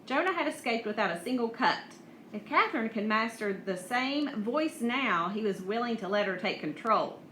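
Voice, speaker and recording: Woman audiobook reader, bright high voice, echoey room, faint hiss. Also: moderate pace. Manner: even, with small slips and restarts. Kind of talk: reading a novel aloud.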